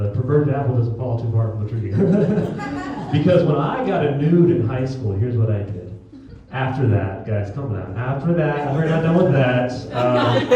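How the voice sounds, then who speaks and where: A man's voice: mid-range voice, muffled recording. Young man, stand-up comedian, crude self-mocking stories, distant phone recording, roomy small theatre, audience laughter. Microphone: phone camera in the audience. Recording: echoey theatre filmed from far off.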